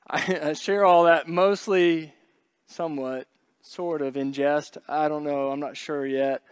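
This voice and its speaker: A man's voice: fairly high pitch, fairly even intonation, takes it slowly, clean tone, no room sound. A man preaching a sermon as pastor, talking in a conversational way with joking asides and acting out what people might have said. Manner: conversational, joking asides, acts out quoted voices.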